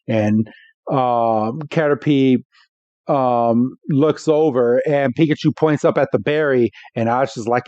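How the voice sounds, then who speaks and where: Mellow-voiced man recapping casually. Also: medium pitch, unhurried, no room sound. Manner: animated retelling, acting out characters. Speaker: podcast co-host. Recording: dull, dry podcast audio.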